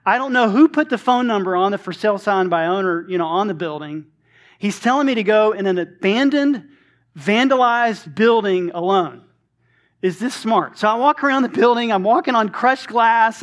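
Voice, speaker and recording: A man's voice: sits high, a bit bright. A man in his late forties, a pastor telling a personal story in a sermon, acting out dialogue with frequent restarts. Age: 40s.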